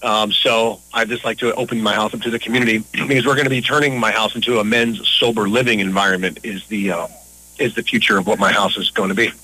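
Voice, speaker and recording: A man's voice: on the low side, steady tone, fast, pushed and bright, husky, no room sound, poor audio. A middle-aged man talking casually as an interview guest, earnest and a bit rambling. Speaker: interview guest, local business owner.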